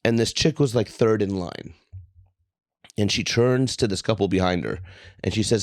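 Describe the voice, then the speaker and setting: A man on a comedy podcast telling animated anecdotes, laughing through them. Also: lowish voice, normal speed, pauses often, no echo, clean studio sound. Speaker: guest comedian. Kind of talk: casual podcast chat, storytelling.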